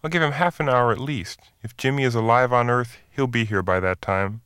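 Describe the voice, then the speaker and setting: A man's voice: mid-range voice, fairly quick, fairly bright tone, smooth, no room sound, clean studio sound, lightly acted. A man reading the part of a boastful, self-assured middle-aged drifter from the West, in a hearty storytelling manner.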